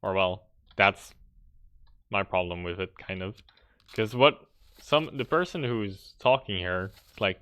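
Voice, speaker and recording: A man's voice: on the low side, measured pace, a bit bright, clean tone, no echo. A man streaming a video game, thinking aloud in a hesitant, self-correcting way as he works through a puzzle. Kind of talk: casual gameplay commentary. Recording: game music playing behind. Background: game music.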